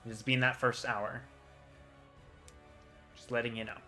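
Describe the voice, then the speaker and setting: Male GM, bright mid-pitched voice, easygoing rambling narration, soft music bed. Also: level tone, measured pace. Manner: casual, rambling with fillers, voices side characters briefly. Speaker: game master. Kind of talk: narrating a tabletop game on stream.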